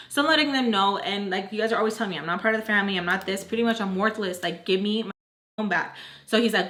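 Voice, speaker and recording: A woman's voice: medium pitch, fast. A young woman telling a personal storytime to her viewers in casual slang, acting out the voices of the people in it. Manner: animated, acts out quoted dialogue. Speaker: vlogger. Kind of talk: storytime narration.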